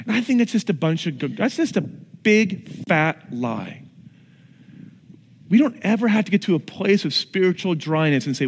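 A middle-aged male pastor delivering a sermon in a high, bright-pitched voice. His storytelling is animated, leaping upward in pitch as he acts out moments. A long hall reverb trails behind his words. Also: normal speed, husky.

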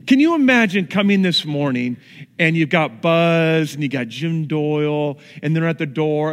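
In a church sanctuary, a male pastor with a high-ish voice and lively intonation preaches a conversational sermon, speaking a little slowly and acting out asides. The recording carries long reverb from the large hall.

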